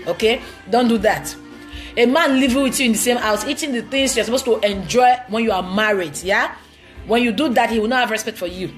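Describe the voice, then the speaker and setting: A woman with a Nigerian accent answering viewer questions on a live stream, giving blunt, emphatic, preachy relationship advice. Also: on the high side.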